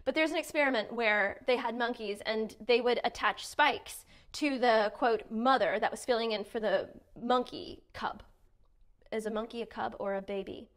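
Earnest, fairly high-voiced woman speaker. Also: moderate pace. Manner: earnest, dramatic emphasis, varies loudness widely. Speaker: self-help speaker. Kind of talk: direct-to-camera motivational talk.

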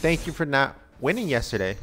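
A man casually commenting on a video game pack opening, excitable and begging the game for good pulls. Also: mid-range voice, a little fast, a little hiss or hum. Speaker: gaming channel host.

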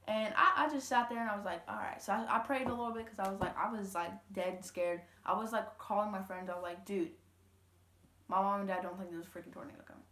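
A woman's voice: medium pitch, fast, fairly bright tone, slight background noise. Teen girl, casual storytelling vlog, rambling with fillers, roomy echoey room. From Louisiana, USA. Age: teens. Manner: chatty, rambling, lots of fillers and quoted dialogue. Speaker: vlogger. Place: home room. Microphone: camera.

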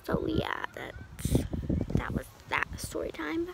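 A woman's voice: sits high, huge pitch swings, takes it slowly, vocal fry, very noisy. A teenage girl telling storytimes in a casual, rambling way, full of "like" fillers. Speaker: vlogger.

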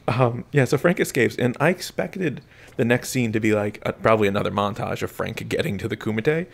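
Gravelly, animated man chatting about a movie. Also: mid-range voice, brisk. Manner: laughing often, rambling with fillers. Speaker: podcast co-host. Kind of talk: casual movie discussion.

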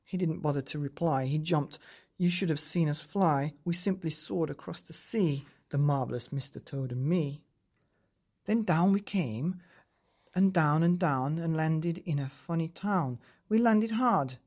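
A woman reading a rhyming bedtime story aloud in a lively, expressive way. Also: low voice, a little slow.

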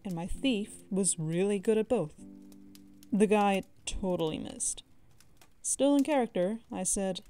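Mellow-voiced woman narrating a story. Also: mid-range voice, a little slow, soft background music. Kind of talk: reading a tabletop horror story aloud.

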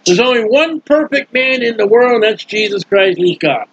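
A male preacher with an unusually high, husky voice delivers a colloquial sermon. He acts out scenes as he goes, shifting into quick character voices before returning to his plain preaching tone. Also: expressive, a bit bright, dull audio.

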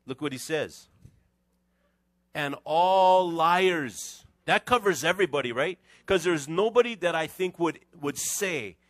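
A middle-aged man, preaching a conversational sermon as a pastor with animated, joking asides to his congregation. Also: on the high side, normal speed, hardly any pauses, dry recording, studio quality. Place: church sanctuary.

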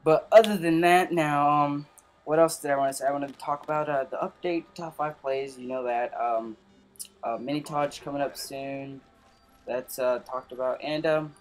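A man's voice: a little high, fairly even intonation, normal speed. Rambling young man with lots of fillers. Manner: rambling, many fillers and restarts. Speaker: gaming channel host. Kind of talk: casual update vlog.

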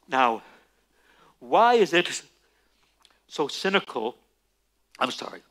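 A man, a Messianic rabbi, preaching a sermon emphatically and slowing down for stress on key lines. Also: medium pitch. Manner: emphatic, animated preaching with dramatic slowdowns.

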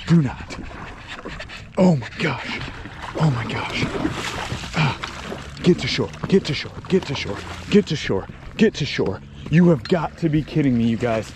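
A man vlogging from a lake shore while fishing, talking to viewers in bursts of loud exclamations and laughter. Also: fairly high pitch, animated, slow, long pauses, slight background noise. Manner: breathless, exclaims loudly, laughs and talks to viewers. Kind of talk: excited on-the-water fishing vlog. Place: outdoors by a small lake.

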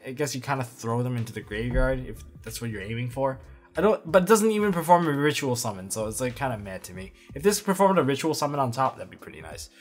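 Casual male card game reviewer. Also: mid-range voice. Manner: chatty, offhand, thinking aloud with fillers and asides. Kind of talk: casual commentary.

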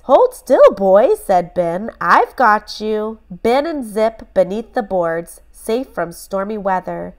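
A woman reading a children's picture book aloud in a slow, gentle, clearly paced way. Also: mid-range voice. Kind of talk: children's storybook read-aloud.

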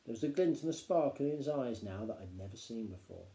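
A man's voice: medium pitch, lively intonation, fast talker, dark tone, echoey room, poor audio. A male teacher reading a children's novel aloud expressively, doing voices for the characters. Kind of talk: storybook read-aloud.

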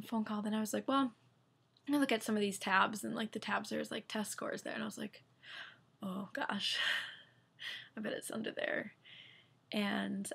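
A young woman, telling a story to her followers in a chatty, excitable way, full of fillers. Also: mid-range voice, creaky, husky. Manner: chatty, excitable, many fillers like "like" and "I don't know". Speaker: medical student vlogger. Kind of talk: casual storytelling vlog.

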